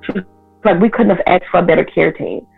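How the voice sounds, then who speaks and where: Woman, 30s, interview guest, personal storytelling, animated, gravelly, tinny lo-fi sound. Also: lowish voice, fast talker, soft background music. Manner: animated, acts out others' lines in her story.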